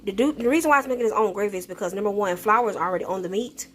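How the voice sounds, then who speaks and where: A woman's voice: mid-range voice, rapid-fire, a bit bright, a little hiss or hum. A woman chatting casually through a home cooking vlog, folksy and talking straight to viewers. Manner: chatty, folksy, calls viewers baby and y'all.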